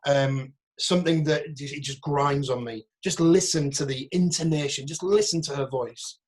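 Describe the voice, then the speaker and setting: A man with a Northeast English accent teaches over a video call, his voice sitting a touch higher than most men's. He talks frankly and casually, with plenty of asides as he critiques each clip. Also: moderate pace. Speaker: acting agent and workshop teacher. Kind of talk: online workshop talk.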